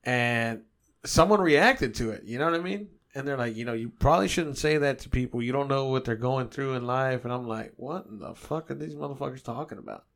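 A man tells a story in loose, profane podcast chat. His voice sits at an ordinary middle pitch, and he gets animated as he rants and jokes. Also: fairly quick. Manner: animated storytelling, swears a lot.

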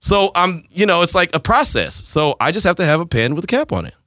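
A male radio host chatting casually on air and rambling through a story. His voice is bright and forceful, with a pitch that swings widely. The sound is dry and close. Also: a little fast, dry recording. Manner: animated storytelling, rambling, laughs at himself.

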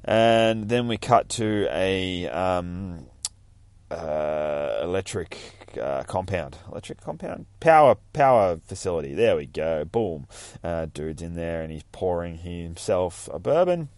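A man's voice: low voice, slow, a little mellow, clear, resonant tone, no room sound. A man casually reading through a comic book, cursing freely and rambling about the panels. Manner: profane, rambling, bursts of hype. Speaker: comic reader vlogger.

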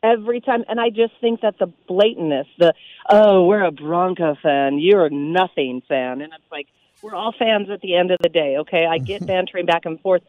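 A woman with a lively, somewhat high voice tells her stories emphatically. She is a radio DJ heard over a tinny phone line. The sound is dry and close, with no room around it. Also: dry recording. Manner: emphatic, animated storytelling. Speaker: radio DJ guest. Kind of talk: sports radio interview.

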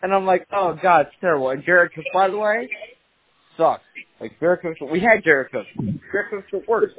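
Excitable swearing man on a tinny call. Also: high-pitched, normal speed, breathy edge. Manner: excitable storyteller, swears a lot, acts out quotes. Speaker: podcast co-host. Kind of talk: casual chat about fantasy football. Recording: dry, tinny phone-line sound.

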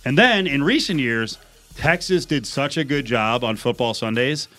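A man hosting a radio show, chatting in a lively, excitable way. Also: medium pitch, normal speed, faint music behind. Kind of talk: casual chat.

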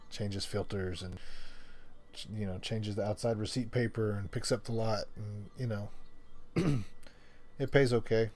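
A man's voice: on the low side, a little mellow, a little hiss or hum. A man telling rambling, profane work stories in casual chat, laughing often. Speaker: storyteller in casual conversation.

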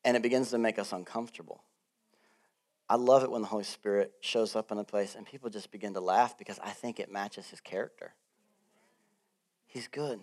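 A middle-aged man preaching a sermon as pastor, animated and laughing often, swinging between loud bursts and soft asides. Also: fairly low pitch, a little fast, long pauses.

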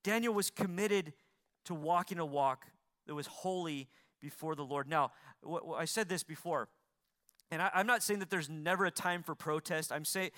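A pastor with a high, bright voice preaches a sermon, swinging sharply between loud emphasis and quiet pleading. He repeats lines for emphasis and asks the congregation questions.

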